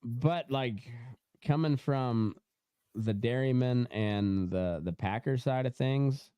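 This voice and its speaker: Young guy hosting a podcast, rambles n laughs a lot, smooth clear voice, dead dry close mic. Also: mid-range voice, slow, warm tone, no echo, lo-fi sound. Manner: rambling, laughs a lot, many fillers and restarts. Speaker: podcast host. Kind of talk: casual podcast chat.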